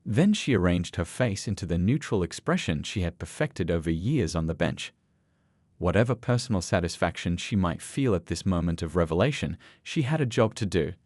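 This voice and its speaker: A man reading a scripted dramatic story as narrator, with a steady storytelling delivery. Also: sits low, moderate pace, dry recording.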